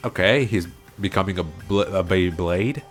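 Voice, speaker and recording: A man's voice: low voice, moderate pace, faint music behind. A man casually commenting on a video game as he plays, joking and laughing often. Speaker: let's play host.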